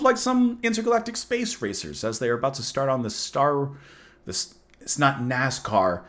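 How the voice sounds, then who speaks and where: A man's voice: medium pitch, sing-song, normal speed, fairly bright tone. A man hosting a music reaction, talking casually in a rambling, musing way and chuckling at himself.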